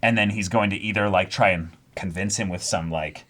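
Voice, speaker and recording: Guy cohosting an anime reaction, rambly, says like a lot, gets hyped fast. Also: low-pitched. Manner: excitable, with filler-heavy rambling and sudden shouting bursts. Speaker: co-host of an anime reaction show. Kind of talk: casual chat.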